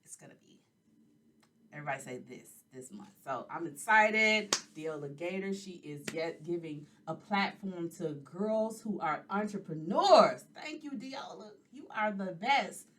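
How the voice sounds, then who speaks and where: A woman in her forties hosts a casual podcast and talks straight to her listeners. Her pitch swings widely and her tone is bright. She sits a little back from the microphone. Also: expressive, a little slow, far from the mic. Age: 40s. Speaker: podcast host and life coach.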